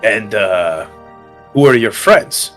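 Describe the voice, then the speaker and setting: A man's voice: on the low side, expressive, slow, fairly bright tone, soft background music, pitched below the performer's own voice. A man voicing a wary, weary middle-aged male camp leader in a tabletop game, speaking in a guarded, dry way.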